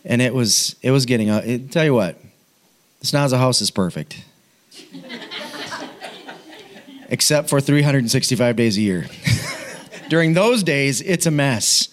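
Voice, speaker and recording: A middle-aged man preaching with a personal story from his own home. He is animated and self-mocking, breaks into laughter and restarts his sentences, and his voice sits at an ordinary middle pitch.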